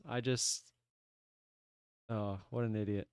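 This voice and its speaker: A young man telling a rambling, animated story on his trading livestream from his desk at home. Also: mid-range voice, normal speed, clear, resonant tone, no room sound, clean studio sound. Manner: animated, rambling, many restarts and "I'm like". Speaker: livestream day trader. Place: home room at a computer desk.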